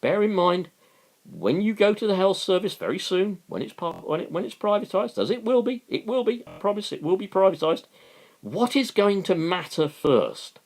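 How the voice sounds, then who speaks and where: A man's voice: high voice, sing-song, fairly quick, a little mellow. A man giving a passionate, sarcastic political rant on his own, often repeating words for emphasis. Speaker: political commentator.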